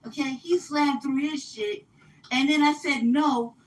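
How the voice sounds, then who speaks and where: A woman telling a story in casual chat, animated and profane, acting out what people said. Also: sits high, a little slow, distant mic, a little hiss or hum, low-quality recording.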